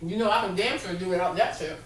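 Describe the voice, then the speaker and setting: A woman's voice: fairly low pitch, fast. A woman hosting her channel in casual chat, laid-back and frank, swearing freely. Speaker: channel host. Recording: echoey room, distant mic, faint noise.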